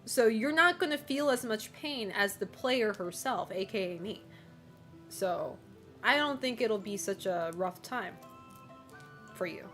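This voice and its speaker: A woman's voice: medium pitch, fairly bright tone. A woman streamer chatting casually with her live chat, teasing viewers, swearing freely, and laughing often.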